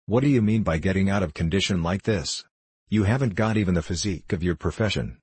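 A man's voice: deep voice, quick pace, darkish tone, breathy edge, no echo. A man voicing a sneering, cynical diplomat. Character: mocking, condescending middle-aged male diplomat.

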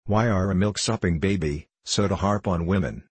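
A man's voice: sits low, normal speed, breathy edge, no room sound. A man reading the part of a bold young forester who speaks bluntly and boastfully in archaic words.

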